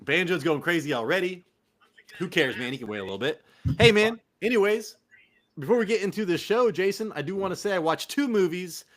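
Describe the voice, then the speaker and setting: A man's voice: sits high, lively intonation, brisk, fairly bright tone. A young man with a Californian accent, hosting a casual fantasy football show with loose, profane, laughing banter. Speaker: podcast host.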